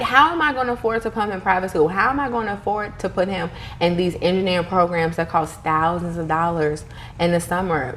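Brief: woman in her thirties, podcast guest, mid-range pitch, animated and chatty, lots of restarts. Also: a little hiss or hum. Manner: animated storytelling with frequent restarts and laughter. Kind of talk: casual interview conversation.

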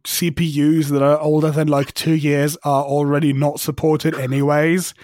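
Podcast co-host, man, slightly high voice, sarcastic sweary rants, dead dry room. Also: little pitch movement, normal speed, a little mellow, no echo. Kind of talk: casual tech podcast chat.

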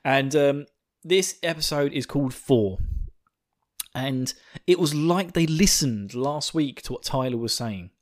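Speaking at medium pitch and a little slowly, a young Essex-accented man from England hosts a podcast. His chat is relaxed and self-mocking, and he laughs frequently.

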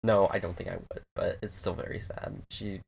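A man chatting casually about a film, rambling, swearing and acting out scenes in quick little quoted voices. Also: deep voice, level tone, vocal fry, a little mellow, husky. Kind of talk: casual chat.

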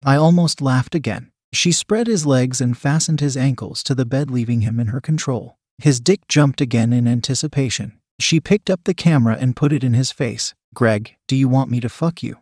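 A man narrating a first-person story in a matter-of-fact, steady way. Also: mid-range voice, normal speed, hardly any pauses, slightly rough, no room sound, clean studio sound.

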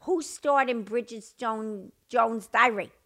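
A middle-aged woman co-hosting a casual podcast with her daughter, playful and quick to interject. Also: on the high side, bright, forceful tone, dry recording, studio quality. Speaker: podcast co-host, mother of the other host. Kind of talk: casual chat.

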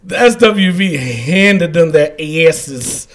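A man's voice: fairly high pitch, slow pace. A man hosting a casual podcast, reading out listener comments and laughing often. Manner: animated, laughing often, trailing off quietly. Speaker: podcast host.

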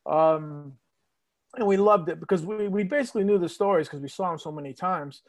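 A man's voice: high voice, brisk, no room sound. A man in his fifties from New England, reminiscing in rambling casual chat with many fillers, as a guest on a podcast. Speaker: guest, host's father or uncle.

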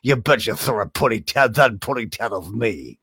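A man's voice: fairly low pitch, lively intonation, fairly bright tone, slightly rough, no room sound, studio quality, full character voice. Man doing a lisping tiny cartoon canary. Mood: sweet. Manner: lisping, slow baby talk.

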